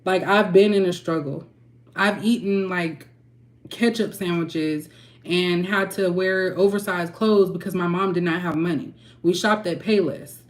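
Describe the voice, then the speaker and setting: A woman tarot reader and channel host, ranting frankly and heatedly to her viewers and clearing her throat often. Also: on the low side, measured pace. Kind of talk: candid ranting vlog.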